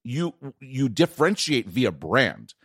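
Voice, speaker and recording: A middle-aged man from Wisconsin with a Wisconsin accent, co-hosting a tech podcast in animated casual chat, full of restarts and quick "right?" checks. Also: medium pitch, slightly rough, no room sound, studio quality. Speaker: podcast co-host, tech analyst.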